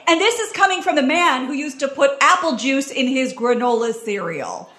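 A woman's voice: sits high, lively intonation, normal speed, a bit bright, roomy sound. A woman teasing the host in comedy banter before reading the news segment.

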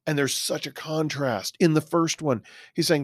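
A man's voice: on the high side, no room sound. Earnest pastor man, dry close sound. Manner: earnest, explanatory, pauses to search for words. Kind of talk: verse-by-verse Bible study.

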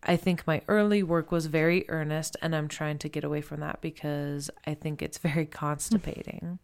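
A woman's voice: low voice, fairly even intonation, moderate pace, a little mellow, clear, resonant tone. A woman presenting art in casual chat, chatty, laughing often and saying "like" a lot.

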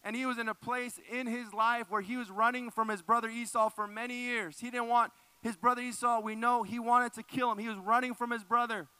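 Man, pastor preaching, emphatic, repeats phrases, smooth voice, dry close sound. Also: very high voice, level tone, brisk, few pauses, sharp tone, no echo. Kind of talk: sermon.

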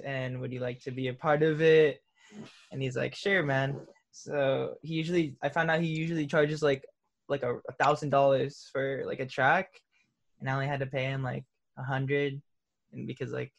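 Gravelly laid-back man. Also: medium pitch. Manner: laid-back, laughs often, many fillers. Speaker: interviewed musician. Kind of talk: casual interview answers.

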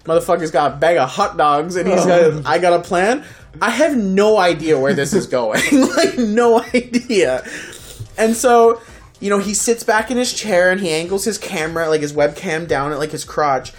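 A podcast co-host telling a story in casual chat, animated, swearing freely and acting out the people in it. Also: medium pitch, moderate pace.

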